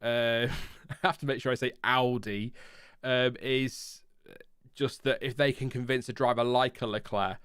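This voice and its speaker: A man's voice: mid-range voice, fairly even intonation, normal speed, fairly bright tone, smooth, dry recording, studio quality. A man, hosting a casual live stream about racing and answering viewers with rambling, self-deprecating asides and frequent chuckles. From Lincolnshire, England. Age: 30s. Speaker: F1 channel host.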